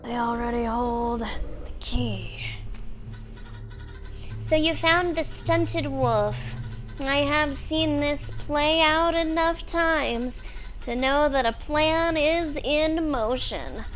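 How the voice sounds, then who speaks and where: A weary, cryptic little stoat trapped in a card, voiced by a woman who drops lower and quieter than her usual voice. Every line comes out slow and hushed, with a faint ominous weight. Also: faint music behind.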